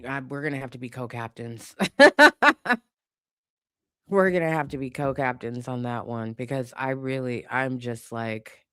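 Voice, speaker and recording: A woman's voice: extremely low pitch, expressive, a little slow, a bit bright, clean tone, no echo, studio quality. A woman commentator in a casual opinion rant, blunt and profane, hammering her points by repeating them. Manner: emphatic, repeats points for force.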